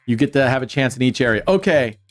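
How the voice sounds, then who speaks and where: A man's voice: mid-range voice, expressive, fast talker, soft background music. A man hosting a livestream giveaway, chatting casually and teasing viewers in playful banter. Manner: joking, teasing banter with chat. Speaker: livestream host.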